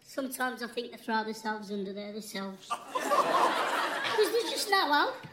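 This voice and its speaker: A woman's voice: on the high side, big pitch swings, measured pace. A woman voicing a crude, scheming male hedgehog, chummy and sly. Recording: roomy, noisy recording.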